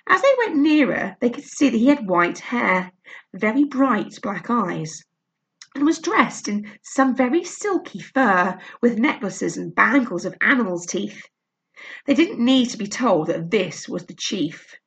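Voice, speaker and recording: Woman reading a children's story, lively and sing-song, fairly high voice. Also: a little slow. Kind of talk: reading a children's novel aloud.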